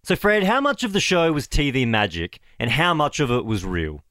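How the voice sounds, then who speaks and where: A man's voice: mid-range voice, huge pitch swings, normal speed, fairly bright tone, dry recording, clean studio sound. A male radio host chatting casually and interviewing a guest in an easygoing way.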